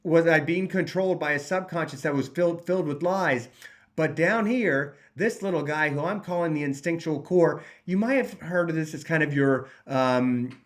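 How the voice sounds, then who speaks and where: A man's voice: a little high, normal speed. Earnest man telling his recovery story. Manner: earnest, rambling, frequent restarts; quotes his own thoughts in voices. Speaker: recovery channel host. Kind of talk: personal recovery talk.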